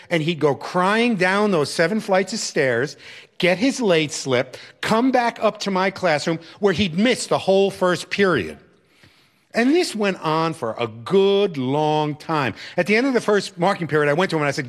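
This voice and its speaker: A man and former teacher telling a personal story in an animated, expressive way. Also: fairly high pitch, normal speed. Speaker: former teacher and religious brother.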